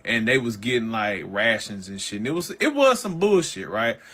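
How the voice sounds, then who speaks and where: A man's voice: mid-range voice, sing-song, moderate pace, bright, forceful tone, husky. A man giving casual reaction commentary, ranting in a heated, profane, slangy way.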